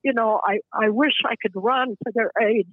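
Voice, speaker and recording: A woman in her seventies calling in to a show, speaking in a halting, impassioned way with bursts of anger. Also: fairly high pitch, dry recording. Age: 70s. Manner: halting, impassioned, angry outbursts. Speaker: caller. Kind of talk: emotional call-in testimony. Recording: tinny phone line.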